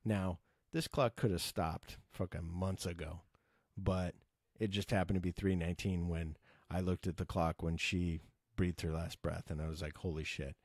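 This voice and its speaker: Deep, dark-voiced man telling rambling stories. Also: steady tone, moderate pace, no room sound, clean studio sound. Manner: rambling, profane, lots of fillers. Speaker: podcast host. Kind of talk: casual podcast storytelling.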